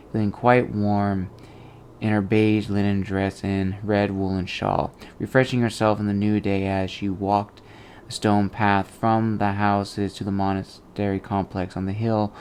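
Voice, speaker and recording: A man hosting a book channel, reading a fantasy novel aloud in a steady, measured way with small slips and restarts. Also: on the low side, a little hiss or hum.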